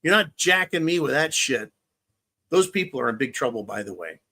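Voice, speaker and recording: A man's voice: medium pitch, big pitch swings, normal speed, pushed and bright. A man hosting a political commentary livestream, ranting with heavy profanity and repeating his points for emphasis. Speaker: livestream host.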